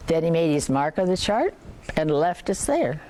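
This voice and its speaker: An older woman reading a novel aloud to listeners, measured, with occasional slips and restarts. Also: low-pitched, sing-song, warm tone. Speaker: reader.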